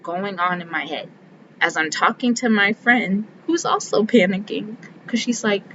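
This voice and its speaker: A woman giving a casual, earnest book review who talks herself through her worries and slows down to list key terms. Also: medium pitch, fairly bright tone, dull audio, slight background noise.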